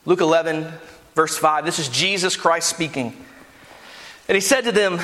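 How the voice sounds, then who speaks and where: A pastor preaching a sermon with an impassioned delivery that rises to near-shouts. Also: male voice, fairly high pitch, normal speed, in a large hall. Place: church sanctuary.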